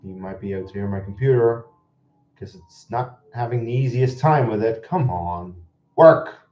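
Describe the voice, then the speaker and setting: Dutch streamer with American-tinged English. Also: male voice, mid-range voice, moderate pace, dark tone. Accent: American-influenced English. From Netherlands. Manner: chatty, exasperated, rambling asides. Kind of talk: live reaction commentary. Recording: slightly dull echoey room with faint noise.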